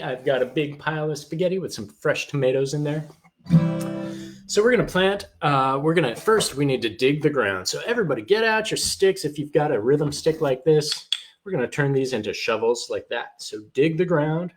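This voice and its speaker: Cheerful male kids' music teacher. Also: medium pitch. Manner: cheerful, playful, mixes talk with singing. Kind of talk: live online sing-along class for young kids. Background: guitar strumming.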